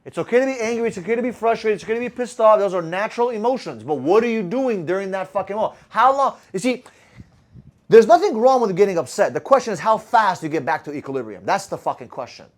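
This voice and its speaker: A man with a high voice gives a motivational sales talk to a room of listeners. He talks fast, swears freely and keeps throwing rhetorical questions at the crowd. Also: lively intonation. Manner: blunt and profane, firing rhetorical questions at the audience. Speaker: sales coach. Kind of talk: motivational talk to a live group.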